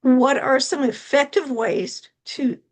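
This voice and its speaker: A woman with a high, bright-pitched voice hosts a live talk show. She chats easily and reads out the questions her audience sends in. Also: takes it slowly. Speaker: host.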